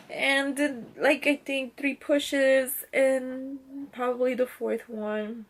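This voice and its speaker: A woman's voice: high voice, steady tone, slow, hardly any pauses. A woman in her twenties telling a personal story in a chatty, rambling way, stopping to apologize to her viewers. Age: 20s. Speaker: mom vlogger. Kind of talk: casual storytelling to camera.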